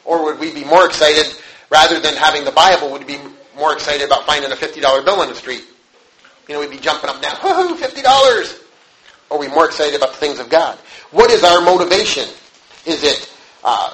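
A man pastor preaching a sermon, telling a story in a conversational, halting way with rhetorical questions. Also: fairly high pitch, steady tone, bright, forceful tone. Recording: echoey room, faint noise.

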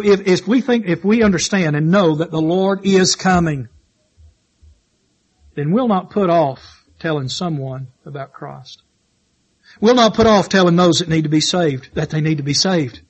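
A man's voice: sits high, breathy edge, dull audio. A man preaching a sermon in church, fervent and repetitive, stressing his points as his voice rises and falls. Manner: fervent, repetitive exhortation with rising and falling emphasis.

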